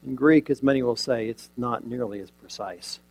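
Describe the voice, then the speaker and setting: A man preaching a sermon, retelling a scene dramatically with rhetorical questions and sudden shifts from loud emphasis to near quiet. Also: medium pitch, moderate pace, vocal fry, rough recording.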